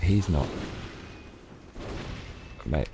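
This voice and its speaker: A man streaming a video game, talking excitedly, swearing a lot and restarting his sentences. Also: a bass voice, extremely slow, background noise. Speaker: gaming streamer. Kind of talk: let's play commentary.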